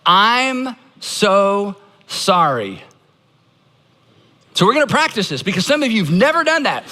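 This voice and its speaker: Male pastor, bright and forceful tone, live sermon in a reverberant auditorium, stage mic. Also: extremely high pitch, very animated, very fast, breathy edge. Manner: emphatic, leads congregation in call-and-response practice.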